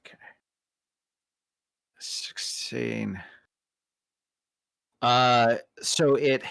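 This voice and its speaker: A man runs a tabletop game as game master. He reads room descriptions at a slow, easy pace with plenty of fillers. His voice has a middle pitch, and the sound is dry and close. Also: expressive, a bit bright, no echo.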